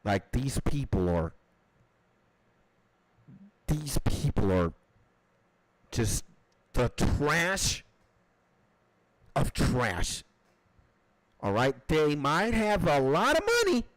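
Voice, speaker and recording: A man hosting a casual livestream, talking in an animated, profane way and leaning on "like" as filler. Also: mid-range voice, drawn-out words, long pauses, no echo, poor audio. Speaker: livestream host.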